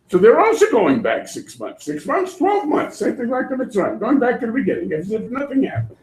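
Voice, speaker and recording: Man, Torah teacher, high voice, lively swings, echoey room. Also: a little fast. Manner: animated, acts out voices, laughs often. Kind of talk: animated Torah class.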